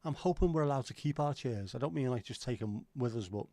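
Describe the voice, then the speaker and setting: Middle-aged man hosting a casual stream, mid-pitched, chatty and sweary, dry close sound. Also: animated, quick pace, warm tone, no echo. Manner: rambling, sweary, reads out chat comments. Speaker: livestream host. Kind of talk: casual livestream chat.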